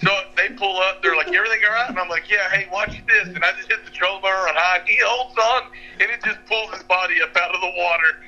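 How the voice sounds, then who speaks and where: A man's voice: high voice, steady tone, fast talker, bright, forceful tone, dull audio, faint music behind. A man telling a rambling fishing story on a podcast, laughing at his own tale. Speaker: fishing guide and co-host. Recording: noisy podcast audio.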